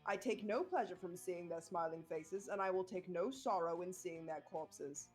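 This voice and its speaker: A woman reading game dialogue aloud as a brooding, villainous young man, with flat, melodramatic menace. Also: fairly low pitch, normal speed, slightly rough, soft background music. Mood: menacing.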